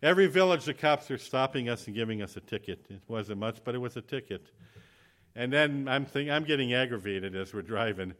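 A male preacher delivering a sermon in an animated storytelling manner, his voice at an ordinary middle pitch for a man. He talks to the congregation plainly and directly, then moves into a spoken prayer. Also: fairly quick. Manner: animated, acts out quoted voices. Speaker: visiting preacher.

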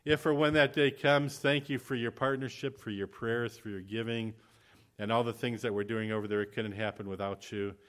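A man preaching a sermon, telling a lively story and then closing in prayer. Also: medium pitch, moderate pace, clean tone. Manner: animated, acts out quoted voices; ends in spoken prayer. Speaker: visiting preacher.

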